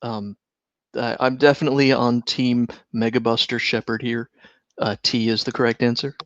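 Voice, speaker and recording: A man co-hosting a casual podcast chat, slightly hoarse, talking in a wry, sarcastic way. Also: mid-range voice, flat delivery, moderate pace, no echo, lo-fi sound. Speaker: podcast co-host.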